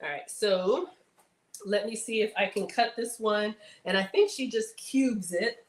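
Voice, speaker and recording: A woman's voice: mid-range voice, measured pace, reverberant. A woman hosting a casual cooking livestream, chatting to viewers as she works. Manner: chatty, addresses viewers as y'all; playful outbursts and sing-song bits.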